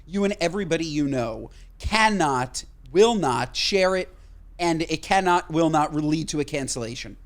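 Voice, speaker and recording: Animated man co-hosting a podcast. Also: moderate pace, slight background noise. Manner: animated, swearing, jokey, lively pitch swings. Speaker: podcast co-host. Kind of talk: casual chat.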